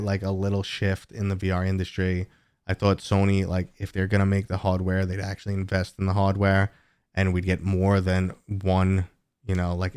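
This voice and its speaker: A man in his thirties hosts a casual livestream and answers viewer questions as they come in. His voice is low, and the recording is dry with no room echo. He rambles, with plenty of fillers and restarts. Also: a little mellow. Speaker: host.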